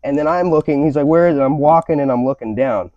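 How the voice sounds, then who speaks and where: This podcast host talks fast in a mellow, fairly high voice, delivering a profane, rambling rant in a casual style. There's no room sound, and the lo-fi audio comes across slightly dull.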